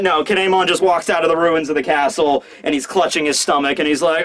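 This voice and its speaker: A young man giving a casual, rambling manga chapter review, acting out characters in quick voices. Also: a little high, a bit bright. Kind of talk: casual commentary.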